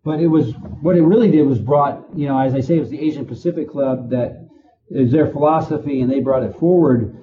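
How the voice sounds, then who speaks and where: A man working in prison administration, answering interview questions slowly with many pauses and fillers. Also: mid-range voice, phone-quality sound. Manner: slow, halting, with many fillers.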